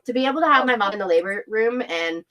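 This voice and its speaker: A woman's voice: fairly high pitch, lively intonation, fast talker, bright, forceful tone, poor audio. A young woman co-hosting a podcast, telling a story in casual chat, candid and swearing freely with bursts of laughter. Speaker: podcast co-host.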